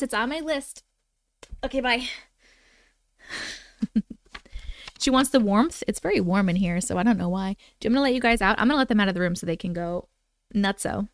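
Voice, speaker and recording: Woman, livestream host, chatty, reads comments aloud, higher voice. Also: a bit bright, no room sound. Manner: chatty, reads viewer comments aloud, coos at her cats. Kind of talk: casual live chat with viewers.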